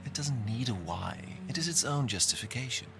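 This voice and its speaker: An actor playing a polite, earnest portrait artist who talks about art in lofty, philosophical terms, in a video game. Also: male voice, medium pitch, animated, fairly quick, gravelly, a bit bright. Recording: game audio over in-game music.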